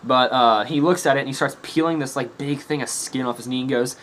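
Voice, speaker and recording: A man's voice: mid-range voice, a little fast, fairly bright tone. A young man telling a story to his camera in a rambling, casual way, laughing and swearing often. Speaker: vlogger. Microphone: camera mic.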